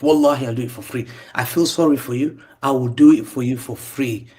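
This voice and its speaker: A man's voice: medium pitch, brisk, darkish tone. Man taunting in football banter. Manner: mocking, repetitive taunting. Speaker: panelist.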